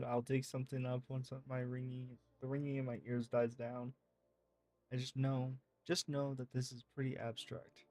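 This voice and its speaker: A man of middle pitch reads out in-game text messages in a loose, casual voice, cursing now and then. The recording is dry and close, with faint music underneath. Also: darkish tone, no room sound. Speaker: gaming streamer.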